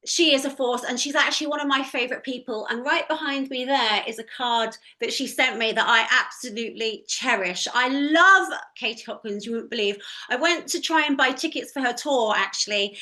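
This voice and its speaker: Bright, high-voiced woman gushing sincerely. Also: brisk, few pauses. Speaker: guest panelist. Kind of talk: heartfelt panel talk.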